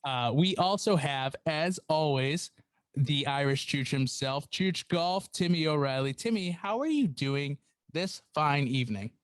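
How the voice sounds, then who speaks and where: A man's voice: a little high, expressive, unhurried, no echo. Jokey young man hosting a podcast. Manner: jokey, laughs at himself. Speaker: podcast host. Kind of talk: casual podcast banter.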